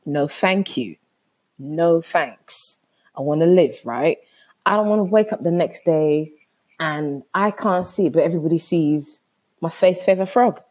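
A woman telling a comic story in a casual, animated, exasperated way, swearing freely. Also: low-pitched, moderate pace, slightly rough.

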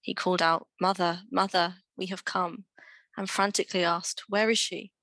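A woman with a fairly low voice reads a passage aloud and then comments on it in a group discussion. She reads expressively, and the recording is dry and close. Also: normal speed, no echo. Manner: expressive reader.

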